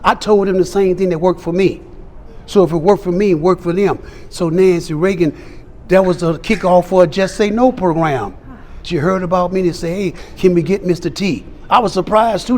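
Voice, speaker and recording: A man's voice: high voice, normal speed, gravelly. An older man telling stories as a celebrity guest, emphatic and acting out the dialogue of the people in his stories. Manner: emphatic, acts out quoted dialogue. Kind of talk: storytelling interview. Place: fan convention.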